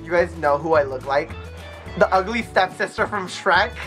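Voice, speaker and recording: Give me a man vlogging with friends, loud and swearing, laughing and shrieking high when excited, over background music. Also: normal speed. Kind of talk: rowdy casual chat with friends.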